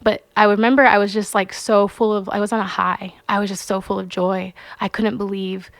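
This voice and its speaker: A young adult woman, a singer-songwriter and podcast guest, telling personal stories in a casual, animated way, acting out voices and saying "like" often. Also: mid-range voice, brisk, no echo. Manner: animated, acts out quoted voices, frequent "like". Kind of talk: casual storytelling interview.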